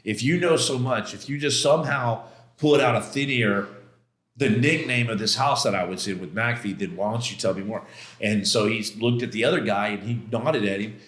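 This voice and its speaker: The recording carries a roomy echo as a man with a lowish, somewhat bright voice, interviewed as a podcast guest, shares a personal story. He's casual and emphatic, using slang and acting out past outbursts of his.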